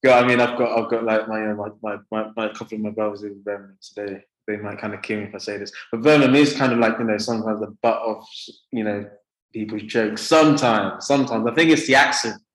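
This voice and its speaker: A man's voice: fairly low pitch, quick pace. British man guest, laid-back and laughing, echoey room. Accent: British English. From England. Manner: relaxed, laughs often, hedging "kind of". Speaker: guest, TV producer. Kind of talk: casual interview chat.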